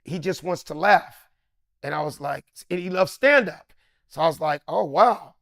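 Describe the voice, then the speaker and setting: A middle-aged man, a comedian, telling a story with excitable swings into loud, high bursts. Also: moderate pace, vocal fry, dry recording, clean studio sound. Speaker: comedian guest. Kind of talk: animated storytelling.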